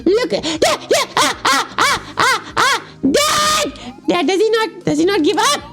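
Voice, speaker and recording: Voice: extremely high pitch, sing-song, measured pace, gravelly, full character voice. A player voicing a clingy little radish son who whines and pleads with his dad, in a game voice-over. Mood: whiny pleading. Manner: whiny, pleading, often shouting "Dad".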